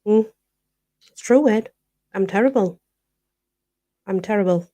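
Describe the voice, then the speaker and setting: A woman's voice: medium pitch, a little slow, warm tone. Chatty Yorkshire woman on a live chat. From Barnsley, Yorkshire, England. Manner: chatty, says "you know" constantly. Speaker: livestream host. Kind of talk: casual live chat answering viewer comments.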